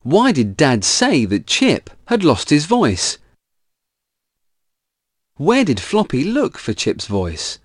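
A man reading out comprehension questions for children, slow and sing-song like a teacher. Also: fairly high pitch, wildly swooping pitch, breathy edge, no echo.

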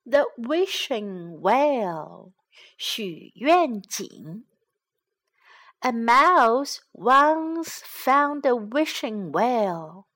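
A woman reads a children's story aloud, slow and gentle, then turns to teaching from it. Her voice sits a little high and rises and falls in lively, melodic swings. She takes her time over every line. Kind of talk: bilingual storybook reading for children.

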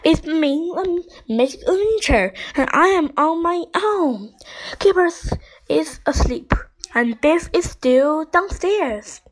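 A woman's voice: sits high, expressive, takes it slowly, pitched above the performer's own voice, poor audio. A woman doing a timid young boy, raised and gasping. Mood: alarmed. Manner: gasping, pleading.

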